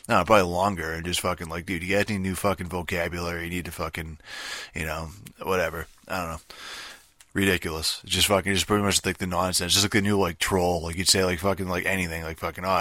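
A man's voice: low-pitched, bright, forceful tone, no echo. A man giving a rambling, sarcastic rant about video games, swearing in nearly every sentence and full of fillers. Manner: sarcastic, mocking. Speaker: gaming commentator. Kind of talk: casual ranting monologue.

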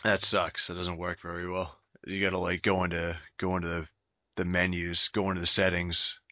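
Deep-voiced cussing podcast host. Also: male voice, completely flat delivery, moderate pace, bright, forceful tone, no room sound, dull audio. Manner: crude, profane, rambling with many restarts. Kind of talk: casual podcast chat.

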